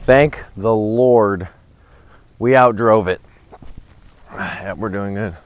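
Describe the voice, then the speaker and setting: A man vlogging a round on an outdoor disc golf course, chatting and rambling on a handheld camera, with excited outbursts at his throws. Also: on the low side, slow. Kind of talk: casual commentary while playing. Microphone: handheld camera without a gimbal.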